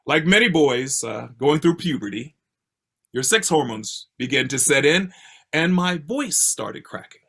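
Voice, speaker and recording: An older man from Baltimore telling a personal story with a theatrical, expressive delivery, heard over a video call. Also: measured pace, vocal fry, slightly rough. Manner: expressive, theatrical delivery with swings in pitch and pace.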